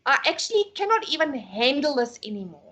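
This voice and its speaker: A woman's voice: high voice, big pitch swings, fairly quick, bright, forceful tone. A woman venting angrily in casual chat, swearing and exasperated as a podcast co-host. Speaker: beauty therapist.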